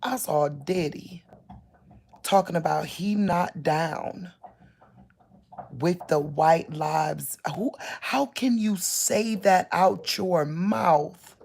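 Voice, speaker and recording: A woman's voice: fairly low pitch, very slow, gravelly, a little mellow. A woman vlogging late at night while lying down, rambling in disbelief and repeating herself as she talks to her viewers on a phone. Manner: rambling, incredulous, repeats herself, restarts often.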